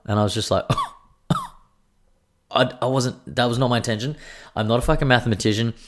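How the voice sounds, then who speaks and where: An Australian man in his thirties, rambling through a profane, animated casual story. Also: fairly low pitch, fast, pauses often.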